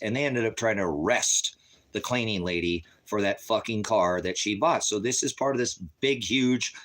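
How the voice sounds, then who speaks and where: A man's voice: lowish voice, fairly bright tone. A man ranting angrily and profanely to viewers, retelling conversations in quotes. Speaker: ministry vlogger. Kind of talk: angry rant to viewers.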